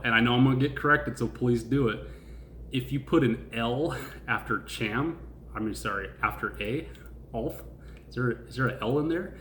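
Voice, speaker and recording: A man's voice: medium pitch, fairly bright tone, roomy sound, slight background noise. A man hosting a stock-investing channel, chatting casually, laughing often and asking his viewers questions. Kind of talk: casual video commentary.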